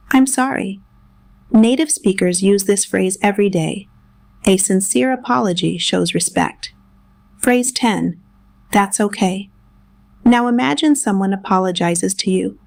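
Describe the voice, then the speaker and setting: A woman narrates a scripted English lesson, patiently explaining everyday phrases and modeling examples. Her voice has a gravelly, fry-tinged texture and a mid pitch. The sound is close and dry. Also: a little mellow, no room sound. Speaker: English teacher.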